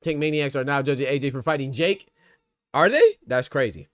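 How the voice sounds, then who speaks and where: Clear and resonant, his medium-pitched voice holds a steady tone at a quick pace, in a dry, clean studio recording. As host of a casual boxing talk livestream, he answers chat and presses his arguments by repeating phrases.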